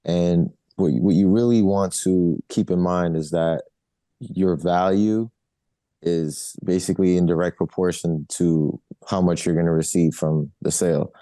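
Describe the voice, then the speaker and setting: Man, guest: very low, mellow voice, loose casual delivery full of "you know", dry sound. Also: unhurried, no echo. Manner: relaxed, repeats "you know" and restarts often. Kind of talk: casual interview answers.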